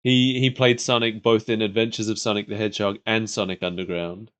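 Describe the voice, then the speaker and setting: Guy co-hosting a podcast, kinda low voice, relaxed rambling chat with lots of laughs. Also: brisk. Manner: chatty, laughs often, loose with fillers. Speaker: podcast co-host. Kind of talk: casual chat reviewing a cartoon.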